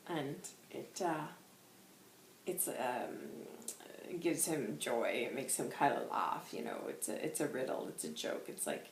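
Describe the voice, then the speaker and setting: A woman host giving a channelled spiritual reading, talking slowly and softly with meditative pauses and hesitations. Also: extremely low pitch, expressive. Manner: slow, soft and meditative, with hesitations. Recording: roomy echo with faint background noise.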